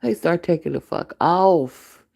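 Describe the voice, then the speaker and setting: A woman podcast host, telling a story in an animated way, with laughter and profanity. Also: lowish voice, unhurried, vocal fry. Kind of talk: storytelling, casual chat.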